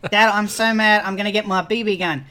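A man's voice: sits high, steady tone, a little fast, bright, forceful tone, clean tone. A man doing a bratty, furious teenage daughter. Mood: outraged.

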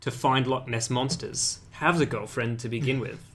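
A man's voice: mid-range voice, steady tone, normal speed, a bit bright. Dry, wisecracking podcast co-host man. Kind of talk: casual chat.

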